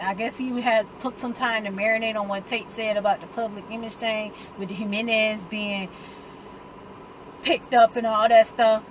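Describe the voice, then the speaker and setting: A woman recapping a TV episode in casual chat, retelling scenes through animated quoted voices in a dialect. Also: a little high, slight background noise, rough recording. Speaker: TV recap vlogger.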